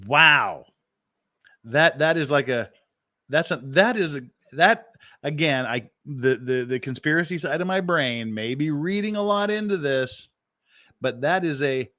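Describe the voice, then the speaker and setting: A man giving profane, excitable reaction commentary who repeats himself as he talks. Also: mid-range voice, measured pace, no room sound, clean studio sound.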